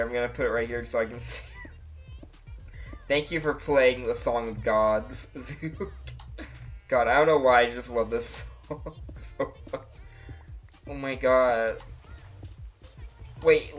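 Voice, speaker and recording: A livestreamer giving casual gameplay commentary, laughing often and breaking into frequent exclamations. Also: mid-range voice. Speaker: livestreamer playing a block-building game. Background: faint music playing.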